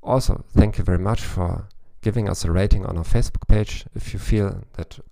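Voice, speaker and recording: Gravelly low-voiced man giving advice. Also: a little fast, warm tone. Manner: thoughtful, with frequent restarts and fillers. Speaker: language coach podcast host. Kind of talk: solo advice podcast.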